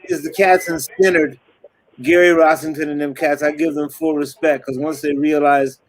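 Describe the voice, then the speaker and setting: A man's voice: a little high, level tone, normal speed, low-quality recording. A man in casual conversation, blunt and profane, chiming in with short remarks. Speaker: musician guest in conversation. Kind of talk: casual chat.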